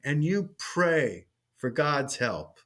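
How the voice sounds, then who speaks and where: Man putting on a faith healer, showy sermon voice, a bit higher. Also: big pitch swings, very slow, a bit bright, exaggerated voice. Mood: preaching. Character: preachy male faith healer working a crowd.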